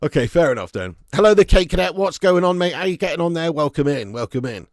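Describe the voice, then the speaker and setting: With a slightly high, darkish voice that swings widely in pitch, the man talks fast while hosting a casual fan livestream. He reads viewer chat with blunt, jokey, expletive-heavy banter, calling people mate and lad. There's no room sound, and the audio is clean studio quality.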